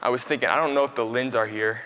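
A young man preaching a sermon, telling a lively story with repeated phrases. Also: mid-range voice, quick pace. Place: church hall. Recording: long hall reverb.

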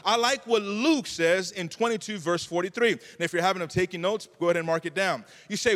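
High-voiced male preacher in a reverberant hall. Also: a little fast, hardly any pauses, a bit bright. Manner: fervent, repetitive preaching cadence. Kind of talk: sermon.

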